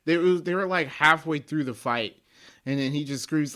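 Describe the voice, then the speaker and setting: A man hosting a casual movie podcast, animated, laughing often and acting out quoted lines. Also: fairly high pitch, moderate pace. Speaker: podcast host. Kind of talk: casual movie review chat.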